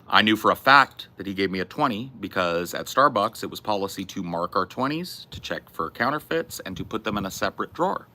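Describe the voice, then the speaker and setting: Blunt, forceful low-voiced man. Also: animated, a little fast, hardly any pauses. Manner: blunt, profane and emphatic. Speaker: streamer host. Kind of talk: casual chat answering viewers.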